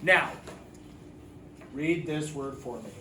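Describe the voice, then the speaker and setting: A man's voice: fairly high pitch, slow. A man teaching a phonics lesson, patiently sounding out letters for children. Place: classroom. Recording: echoey room, mic far off, background noise.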